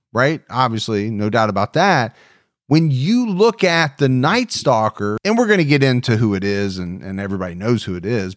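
A man hosting a podcast, talking in an emphatic, animated way. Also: a little high, no echo, clean studio sound. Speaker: podcast host. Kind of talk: casual podcast discussion.

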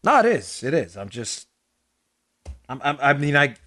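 A man's voice: a little high, sing-song, a little fast, pushed and bright, a little hiss or hum. A male podcast host giving political commentary, exasperated and sarcastic, rambling with restarts at a close mic.

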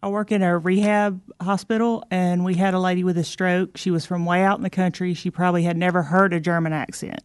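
A woman's voice: fairly low pitch, level tone, fairly quick, hardly any pauses, clean tone, dry recording. A woman, a rehab hospital worker, earnestly telling a story on radio.

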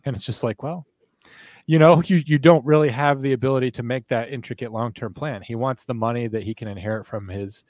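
A man's voice: mid-range voice, brisk, a little mellow, no room sound. A man co-hosting a true crime podcast, musing at length in casual talk with frequent restarts. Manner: thoughtful, rambling with restarts. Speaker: podcast co-host.

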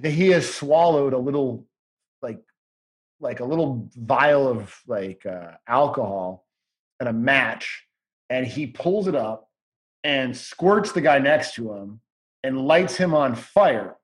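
A man's voice: medium pitch, expressive, takes it slowly. Rambling, enthusiastic man chatting. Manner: rambling, enthusiastic, swears casually. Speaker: guest. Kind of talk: casual podcast chat.

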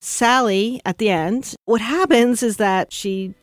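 A widow telling a heartfelt personal story about grief, pausing often. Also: female voice, on the high side, dry recording, clean studio sound, soft background music.

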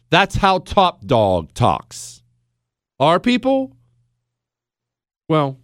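A man's voice: medium pitch, big pitch swings, drawn-out words, pauses often, clear, resonant tone, dry recording, studio quality. A man, hosting a talk radio show with an opinionated, sarcastic monologue. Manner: mocking, sarcastic, theatrical voice swings.

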